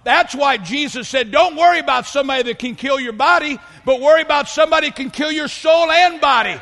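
A man preaching a fervent sermon to a congregation, often rising into shouts. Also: very high-pitched, a little fast, few pauses. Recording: long hall reverb.

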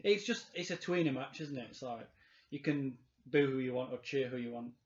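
A man with a Yorkshire accent co-hosting a casual chat, halting and opinionated, often restarting. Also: medium pitch. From England. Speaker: podcast co-host. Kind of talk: casual chat reviewing wrestling. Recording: roomy, slightly dull sound.

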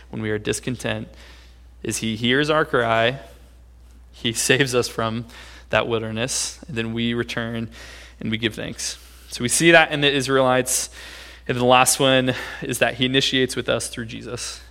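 A man's voice: mid-range voice, creaky, fairly bright tone, in a large hall. A man preaching a sermon in a conversational way, often checking in with his listeners by asking "right?". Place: church hall.

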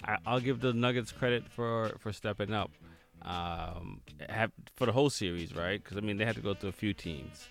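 A man's voice: lowish voice, moderate pace, gravelly, few pauses, fairly bright tone. A man hosting a radio show, chatting casually about sports with lots of ums and restarts.

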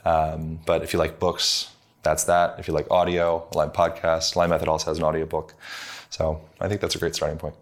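Low-voiced man, loose and rambling. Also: a little fast. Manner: relaxed, rambling explanations with many fillers. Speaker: podcast guest, movement coach. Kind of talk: conversational interview.

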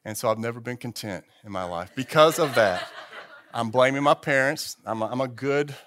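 A man's voice: mid-range voice, normal speed. A man in his fifties preaching a sermon to a church congregation in a loose, conversational way, with frequent restarts. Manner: conversational, animated, with repeated restarts. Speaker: pastor.

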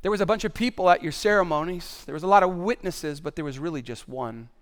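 A man preaching a sermon, animated and conversational, swinging between loud emphatic bursts and hushed, solemn passages. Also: on the high side, quick pace, clear, resonant tone. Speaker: pastor.

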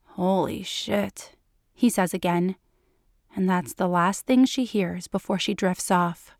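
A woman reading fan fiction aloud for a podcast, slow and unhurried, sometimes dropping to a whisper. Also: lowish voice, dry recording, clean studio sound. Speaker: podcast reader.

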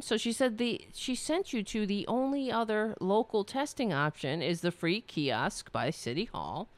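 Snarky lady reading emails out loud, voice jumps all over, dry close sound. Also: mid-range voice, sing-song, unhurried, few pauses, dry recording. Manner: sarcastic, mocking, swears freely. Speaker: commentator. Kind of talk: commentary reading emails aloud.

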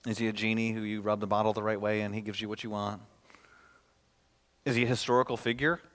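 A man preaching a sermon as a pastor, swinging between loud, emphatic lines and hushed, quiet ones. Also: on the low side, flat delivery, quick pace. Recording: reverberant hall.

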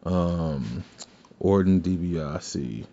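A man's voice: sits low, slow pace, warm tone. A man hosting a podcast in casual chat, rambling and cursing, with many restarts. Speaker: podcast host. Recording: slightly dull lo-fi sound.

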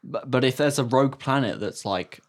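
A man's voice: mid-range voice, moderate pace. A man co-hosting a podcast in casual chat, explaining ideas thoughtfully with many fillers. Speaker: podcast co-host.

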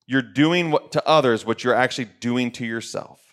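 A man's voice: medium pitch, normal speed, fairly bright tone. Middle-aged male podcast co-host, ex-coach, preachy and emphatic, repeats himself for weight. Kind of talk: motivational podcast talk.

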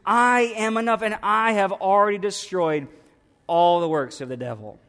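Pastor, high-pitched and impassioned, delivering a sermon in a reverberant sanctuary. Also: male voice, normal speed, smooth. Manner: impassioned preaching, swinging from hushed to loud. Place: church sanctuary. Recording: long reverb of a church hall.

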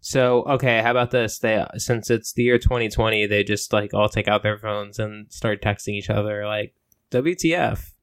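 A man with a fairly low voice who pitches story ideas in a relaxed chat. He sounds hesitant and fills his sentences with ums and likes. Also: moderate pace, hardly any pauses, clean tone, dry recording. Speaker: co-writer brainstorming a story. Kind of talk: casual chat.

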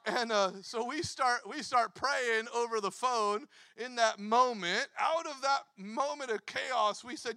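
A pastor in his thirties telling a story in a sermon, animated, acting out quotes and laughing often. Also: extremely high pitch, moderate pace, clean tone, no room sound.

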